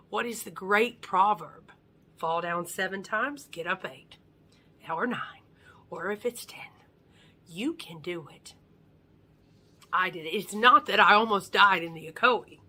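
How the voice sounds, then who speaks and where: A woman's voice: mid-range voice, pushed and bright, slightly rough. A woman giving an earnest motivational monologue, often dropping her voice to a near-whisper. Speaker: motivational speaker.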